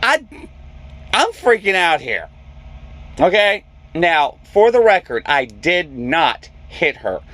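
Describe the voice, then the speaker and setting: A man's voice: on the high side, slow, long pauses. A man, a truck driver, telling a story in a vlog and acting out the people in it. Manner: animated storyteller, acts out quoted voices.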